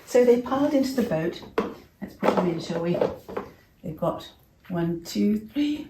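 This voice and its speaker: A woman's voice: on the low side, lively intonation, unhurried, reverberant, noisy background. An older woman telling a Bible story to young children, chatty and interactive, asking them questions as she goes.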